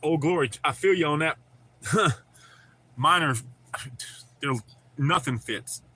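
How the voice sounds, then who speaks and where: Taking it slowly, a man with a fairly high, sharp voice hosts a livestream, chatting easily with viewers, laughing often and swearing without restraint.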